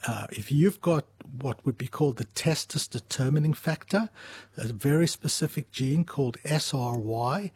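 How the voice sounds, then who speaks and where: Husky man explaining medical science. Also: medium pitch, expressive, a little mellow, no echo. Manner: measured, patient explaining with small restarts. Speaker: medical expert guest. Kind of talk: explanatory interview answers.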